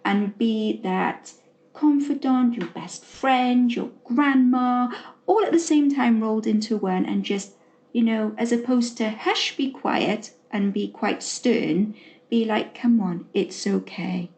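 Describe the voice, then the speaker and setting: A woman co-hosting a podcast at an unhurried, slow pace. She talks gently and reflectively, pausing often on fillers and restarting her sentences. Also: fairly high pitch. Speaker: podcast co-host. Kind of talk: casual chat.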